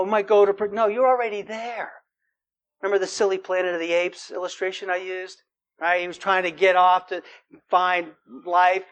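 Conversational preacher man, asks "right?" often. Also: high-pitched. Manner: conversational, keeps asking "right?"; quotes scripture in an earnest voice. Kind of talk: sermon.

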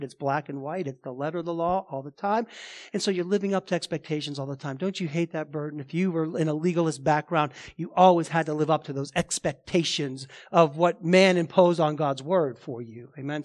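A male pastor preaching a sermon, addressing the congregation with rhetorical questions and sudden loud emphatic rises. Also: on the high side.

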